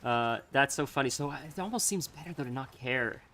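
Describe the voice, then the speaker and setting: A man streaming a game, chatting casually, thinking out loud in a rambling way and laughing easily. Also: medium pitch, animated, a little fast. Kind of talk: casual chat while gaming.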